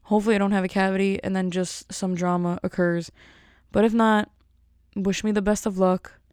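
A woman in her twenties telling stories in a loose, chatty way and slipping into little voices for the people she quotes. Her pitch is mid-range for a woman. The recording is dry and close, with no room sound. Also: level tone, fairly quick, a little mellow, clean tone, no room sound. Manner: chatty storyteller, acts out quotes. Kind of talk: casual chat.

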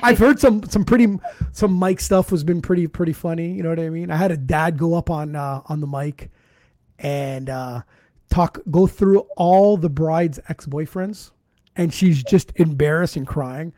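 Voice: medium pitch, normal speed, dark tone, no echo, studio quality. A wedding DJ telling stories in casual chat, rambling and swearing freely. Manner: profane, rambling storyteller.

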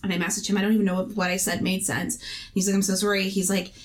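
Young woman, halting rambling storyteller. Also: medium pitch, flat delivery. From Canada. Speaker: podcast co-host. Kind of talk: casual chat.

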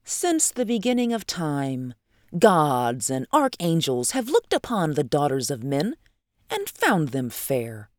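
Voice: mid-range voice, wildly swooping pitch, slow, no room sound, clean studio sound. A reader voicing Adam, a mocking superhuman man. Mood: haughty. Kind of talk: audiobook character reading.

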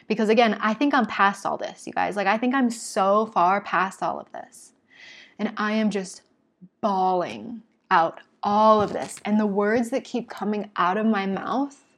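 A woman telling a personal story to her viewers in a candid, emotional way, often saying "like". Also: mid-range voice. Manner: emotional, candid, heavy use of "like".

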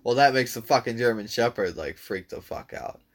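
A man's voice: mid-range voice, expressive, normal speed. A man casually telling a long story to a friend, laid-back, swearing freely and filling his talk with "dude" and "like".

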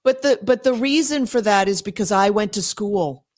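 A woman speaking as an interview guest and homeschool advocate, emphatic and quick, with frequent laughs and restarts. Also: mid-range voice. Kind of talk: passionate interview talk.

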